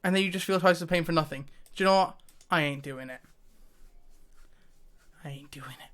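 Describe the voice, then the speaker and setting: A man's voice: on the high side, quick pace, a bit bright. A man talking casually to the camera, thinking aloud with hesitations and frequent laughs. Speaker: YouTuber.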